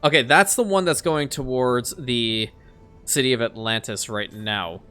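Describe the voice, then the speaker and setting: With faint music behind him, a man narrates his strategy game in a casual let's-play, his bright, ringing voice smooth, medium-pitched, and a little slow. The gameplay commentator mutters while playing, addresses the game directly, and at times launches into loud, exasperated rants.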